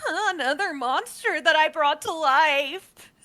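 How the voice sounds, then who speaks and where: A woman voicing a timid young female gnome apprentice who stammers, apologizes and speaks slowly in a shaky, tearful voice. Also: sits high, bright, forceful tone, voice pushed up, heavily acted. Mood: wary.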